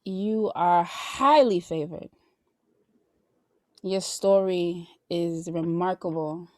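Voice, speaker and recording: Effusive woman podcast host, low voice. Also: slow, dry recording. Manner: effusive, heartfelt, preacher-like affirmations. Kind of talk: casual chat.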